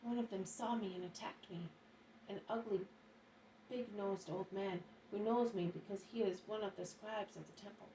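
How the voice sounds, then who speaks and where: A woman's voice: medium pitch, steady tone, moderate pace, dark tone, slight background noise, natural voice. A woman voicing an alarmed young male disciple who talks urgently, in exclamations, in a roomy recording from a distant mic. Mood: frantic.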